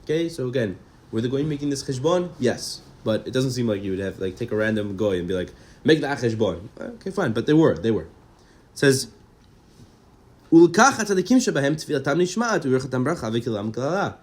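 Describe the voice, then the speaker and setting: A man's voice: medium pitch, very animated, fairly quick, darkish tone. A man teaching a Torah class, reading out Hebrew texts and explaining them. He talks with energy, often repeats words as he goes and keeps asking rhetorical questions.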